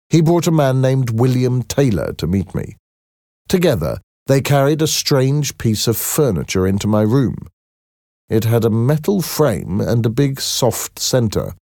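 Man reading a story slowly. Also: mid-range voice, sing-song, dark tone, no echo, clean studio sound. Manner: slow, clear storytelling. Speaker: narrator.

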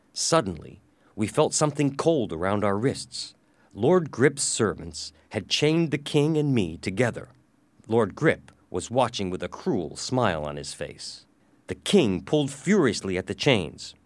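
A man reads a chapter of a storybook aloud in a low voice. His intonation rises and falls with a lot of life. The recording is dry and close. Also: dry recording. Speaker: audiobook reader. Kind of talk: scripted storybook narration.

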